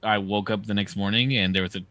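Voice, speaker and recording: A man co-hosting a podcast, telling animated, profane stories in casual chat. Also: fairly low pitch, fast talker, no echo. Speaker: podcast co-host.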